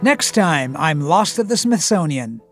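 Male podcast host, higher register, measured scripted read. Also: sing-song, a bit bright, soft background music. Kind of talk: scripted narration and interview.

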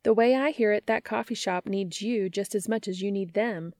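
A woman's voice: mid-range voice, normal speed, mellow, no echo, clean studio sound, natural voice. A woman voicing a brash, teasing young barmaid in a read-aloud story. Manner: teasing, blunt.

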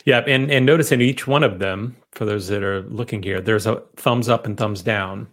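A middle-aged man co-hosting a casual tech chat, animated and thinking aloud as he types. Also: lowish voice, moderate pace. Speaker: co-host.

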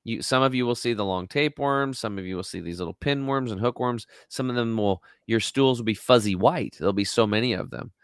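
A man's voice: medium pitch, fairly quick, few pauses, clear, resonant tone, no room sound, studio quality. A man in his forties, a guest in an interview, telling a story with lots of energy and acting out what people said. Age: 40s. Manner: energetic, acts out quotes.

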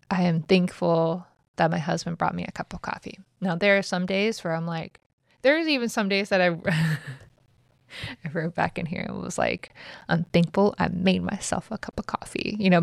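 A middle-aged woman hosts a podcast in a lowish, gravelly voice, recorded dry at studio quality. Her casual motivational chat is frank, with the occasional swear word.

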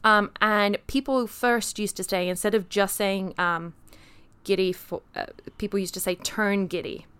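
A woman's voice: medium pitch, steady tone, a little slow, a bit bright, clean tone. A woman with a British accent, co-hosting a podcast in casual chat and explaining word origins with lots of fillers and giggles. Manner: chatty, with frequent fillers and giggles. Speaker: podcast co-host.

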